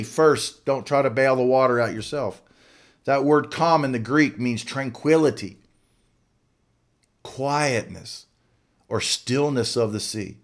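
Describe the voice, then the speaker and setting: A male pastor preaching a sermon, swinging from hushed, whispered lines to loud, fervent exhortation. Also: mid-range voice, a little slow.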